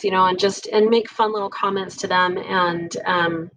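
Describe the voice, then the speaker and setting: A woman's voice: medium pitch, little pitch movement, normal speed, hardly any pauses, pushed and bright, rough recording. A woman EMS instructor giving a casual, chatty lecture, often checking in with "right?" and "okay?" asides.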